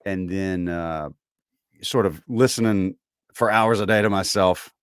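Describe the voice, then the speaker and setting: Southern guy, lowish voice, laid back drawl, chatting on a dry close mic. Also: unhurried, clean tone, no room sound. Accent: Southern American. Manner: relaxed, thoughtful, trailing fillers. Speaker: voice actor guest. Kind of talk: casual podcast conversation.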